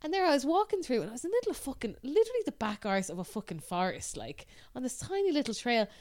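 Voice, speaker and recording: A woman's voice: high-pitched, very animated, fast, a little mellow. An Irish woman co-hosting a podcast, telling a story in a chatty, sweary way and laughing often. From Ireland. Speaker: podcast co-host. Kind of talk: casual chat.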